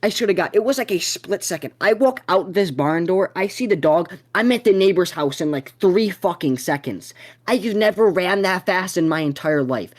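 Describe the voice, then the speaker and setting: A young man hosting a podcast, telling a story in a profane, excitable way. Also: high voice, moderate pace. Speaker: podcast host.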